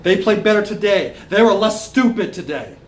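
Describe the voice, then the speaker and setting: A man's voice: sits high, expressive, moderate pace, slight background noise, rough recording. A young man ranting as a sports fan commentator, angry and full of profanity.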